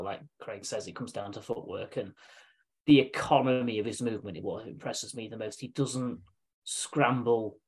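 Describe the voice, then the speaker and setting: A man giving a measured, analytical take in a casual sports chat. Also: mid-range voice, slightly rough, rough recording.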